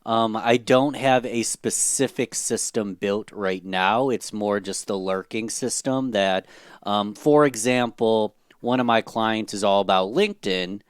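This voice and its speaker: Brief: low-pitched man, smooth and dry, thoughtful and a bit hesitant. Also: a little slow, no echo. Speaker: podcast booking agent seeking coaching. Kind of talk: casual conversation.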